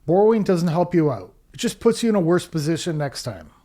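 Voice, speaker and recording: A man's voice: a little high, very animated, fairly quick, dark tone. A man giving blunt, critical commentary on other people's money choices. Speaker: finance commentator. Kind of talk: reaction commentary.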